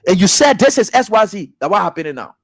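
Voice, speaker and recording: A man with a Liberian English accent hosting a radio talk show, delivering an emphatic, repetitive, preacher-like commentary that swings between loud shouts and low mutters. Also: very animated, fast, husky.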